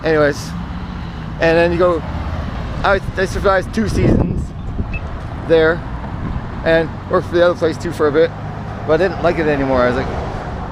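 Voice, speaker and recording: A man's voice: on the high side, fairly even intonation, normal speed. A man telling personal stories in a casual, meandering monologue, often correcting himself and drifting into asides. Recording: outdoor traffic noise.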